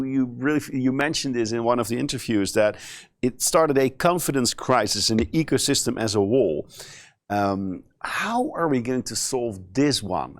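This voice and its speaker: A man moderating a conference session, chatty and easygoing, with many filler pauses. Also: mid-range voice.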